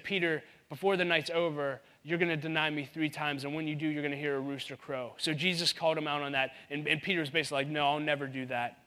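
A man's voice: on the high side, sharp tone. A man preaching a sermon in an earnest, conversational way, often restarting his sentences. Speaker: pastor.

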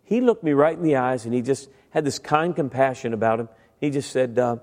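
A man's voice: medium pitch, animated, brisk, hardly any pauses, a little mellow. A middle-aged man preaching a sermon, telling his own testimony in a conversational way and speaking directly to the congregation. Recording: long reverb of a large hall.

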